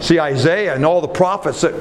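Fervent male preacher, rising to shouts. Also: brisk, noisy background. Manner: swings from low earnest talk to loud rising exhortation. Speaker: pastor. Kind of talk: sermon.

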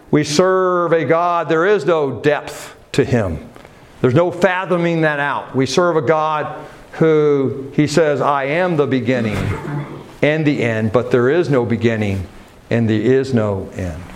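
A man preaching a sermon in a church, talking casually and putting questions to his congregation. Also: mid-range voice. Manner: conversational, asks questions of the congregation.

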